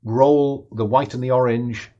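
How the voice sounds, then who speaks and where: A man narrating as game master, measured and full of pauses and restarts. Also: mid-range voice, fairly even intonation, dark tone, dull audio.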